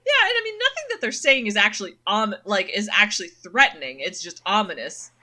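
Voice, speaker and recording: A woman streams a game from her dim room at night, chatting casually and thinking aloud in let's-play commentary. Her medium-pitched voice swings hugely in pitch, with a sharp tone and a slightly fast pace.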